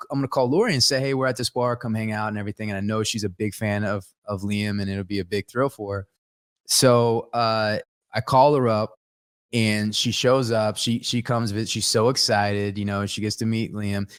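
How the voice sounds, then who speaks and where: A man co-hosting a podcast, telling a story in a casual, animated way with lots of laughter. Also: on the low side, fairly quick, clean tone, no room sound, studio quality. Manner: animated, laughs a lot, acts out voices in stories. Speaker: podcast co-host.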